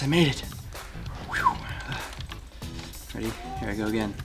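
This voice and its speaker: A man's voice: medium pitch, wildly swooping pitch, moderate pace, long pauses, pushed and bright, faint music behind. A man playing a block-building game, chatting casually and thinking aloud as he plays. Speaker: Minecraft player. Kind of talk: casual gameplay chat.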